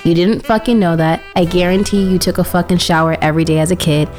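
A woman's voice: fairly low pitch, steady tone, quick pace, a little mellow, soft background music. A woman co-hosting a radio podcast in casual chat, blunt, profane and opinionated. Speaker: podcast co-host. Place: podcast studio.

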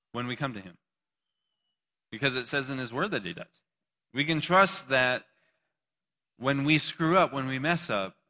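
A man preaches in a casual, chatty way, cracking jokes and asking his listeners questions. His voice is bright and forceful, at a middle pitch for a man. He sounds like he is speaking to a live group in a church. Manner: casual, joking, talks to the audience. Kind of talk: sermon.

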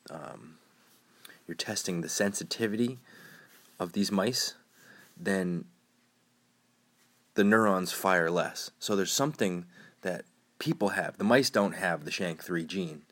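Male podcaster, somewhat low voice, dry sarcastic delivery that hides the joke, rambles through news with fillers. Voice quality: says his tone is neutral and flat. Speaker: podcast host. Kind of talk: solo podcast news commentary.

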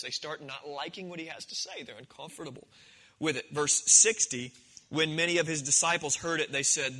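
Pastor type, high and very bright voice, relaxed storytelling delivery. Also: male voice, fairly quick, low-quality recording. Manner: conversational storytelling, acting out the scenes. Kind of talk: sermon.

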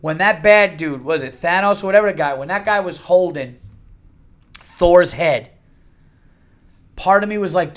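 Middle-aged male podcast host, high-pitched, blunt and profane, rambling delivery. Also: measured pace, long pauses. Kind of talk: casual solo podcast rant.

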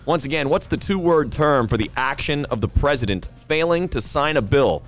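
A man's voice: fairly high pitch, animated, normal speed, faint music behind. A man hosting a pub trivia podcast who announces each question, repeats it and jokes between rounds. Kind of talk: casual podcast quiz announcing.

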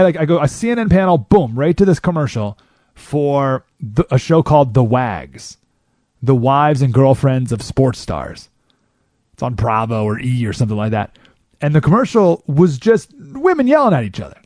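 A male talk-show host rants in a lively, sweeping monologue, slipping into mocking impressions of other people. His voice sits a little high for a man and is rough with gravel. The sound is close and dry. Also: dry recording. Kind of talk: monologue commentary.

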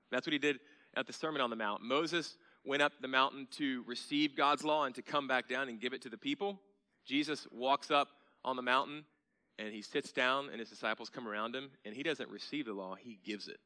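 A pastor preaching a sermon, earnest and emphatic, asking rhetorical questions and repeating key phrases for emphasis. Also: male voice, mid-range voice, a little fast, sharp tone.

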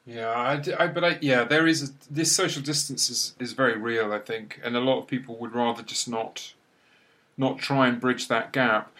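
Male interviewer, mid-pitched voice, measured and thoughtful delivery with occasional hesitations. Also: steady tone, pushed and bright. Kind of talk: conversational interview.

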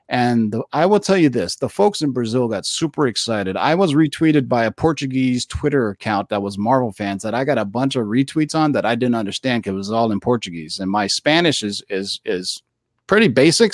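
A man co-hosting a casual chat, talking in an animated way with lots of fillers. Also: medium pitch, dry recording, studio quality. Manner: animated, talks fast with frequent fillers. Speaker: co-host. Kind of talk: casual comic book collecting chat.

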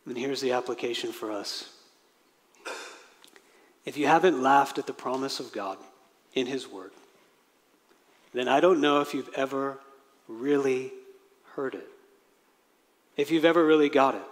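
A man preaching a sermon as pastor, earnest, acting out quoted prayers with rising intensity. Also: medium pitch. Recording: long hall reverb.

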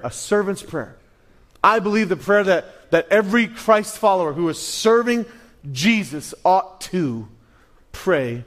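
A male pastor preaching a sermon in a conversational way, swinging between loud emphasis and hushed lows. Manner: conversational with restarts.

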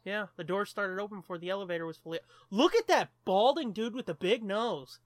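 A man co-hosting a casual movie commentary, playful and jokey, quick to tease his co-host. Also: high-pitched, lively intonation, no room sound, clean studio sound. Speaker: podcast co-host.

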